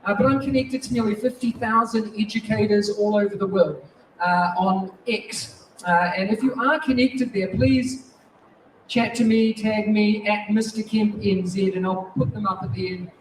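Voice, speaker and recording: A man in his forties from New Zealand with a New Zealand accent, giving a lively, restless conference keynote in a large hall. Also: sits high, normal speed. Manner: lively, restless, moves around while talking. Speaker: keynote speaker. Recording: echoey hall, distant mic, faint noise.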